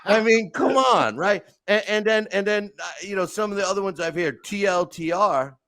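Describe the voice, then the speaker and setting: A man hosting a podcast, talking through casual stories and rants in an animated way with lots of restarts. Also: sits high, normal speed, a little hiss or hum. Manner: animated storytelling, frequent restarts and asides. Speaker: podcast host. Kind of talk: casual monologue.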